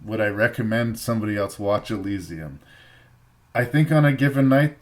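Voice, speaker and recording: A man from Canada hosting a podcast, giving a thoughtful, measured film review in casual chat and repeating phrases for emphasis. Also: medium pitch. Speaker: podcast host.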